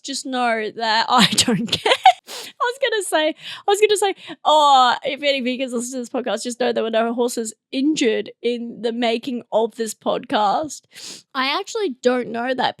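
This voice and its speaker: A woman's voice: fairly high pitch, no room sound, studio quality. A woman hosting a solo comedy podcast, rambling and giggling as she mocks herself. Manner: rambling, giggly, self-mocking. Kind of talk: solo comedic review monologue.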